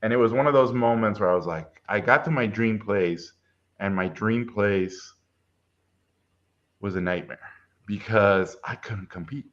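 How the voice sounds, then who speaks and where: Here the middle-aged director takes a measured pace, his voice on the lowish side. He tells his personal story in a laid-back interview as a lively narrator who acts out the people's voices, and the audio sounds dull and lo-fi.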